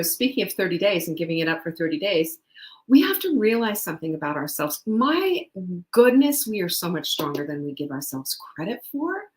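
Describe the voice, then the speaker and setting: Woman host, nutrition coach, casual pep talk, emphatic and chatty, mid-pitched voice, roomy echo. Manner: chatty, emphatic, laughs between points.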